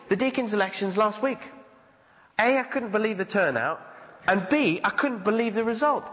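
A man's voice: sits high, fairly bright tone. A man preaching a sermon as pastor, earnest and conversational, acting out the voices he quotes. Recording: dull sound with long hall reverb.

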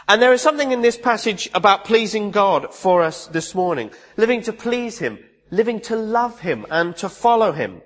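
A man's voice: high-pitched, a bit bright, long reverb tail. A man preaching a sermon, reading scripture aloud and then explaining it in a conversational way, with restarts and asides.

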